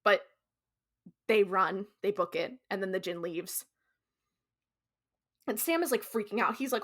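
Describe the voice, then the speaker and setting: A woman co-hosting a podcast, retelling a TV episode in a casual, animated way, full of "like" fillers and slipping into quoted lines. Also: medium pitch, measured pace, pauses often. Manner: animated storyteller, slips into quoted character voices; frequent "like" fillers, casual swearing. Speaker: podcast co-host.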